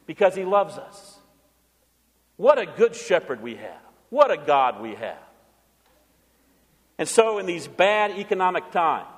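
Guy pastor preaching, pretty high voice, asks the crowd stuff and answers it, long church echo. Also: a bit bright. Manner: asks the congregation questions and answers them himself. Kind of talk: sermon.

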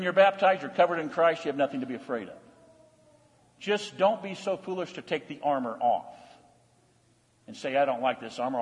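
A man preaching a sermon as pastor, emphatic and repetitive, often dropping to a quiet, intense delivery. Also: fairly high pitch, big-room sound.

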